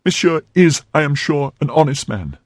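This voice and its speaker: A man's voice: deep voice, normal speed, darkish tone, husky, no room sound. A man voicing a timid middle-aged mercer who answers anxiously and deferentially, crying out in alarm when frightened. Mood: panicked.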